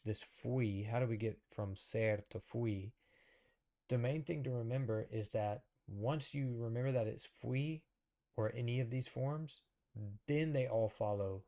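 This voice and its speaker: A man's voice: fairly low pitch, mellow. A man teaching a casual whiteboard lesson, thinking aloud, correcting himself and checking in with the viewer. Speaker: language teacher.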